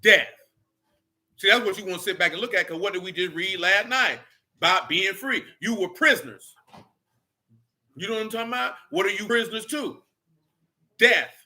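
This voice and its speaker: A man's voice: high-pitched, expressive, normal speed, long pauses, bright, forceful tone. A man leading a casual Bible study, blunt and slangy as he preaches and rants.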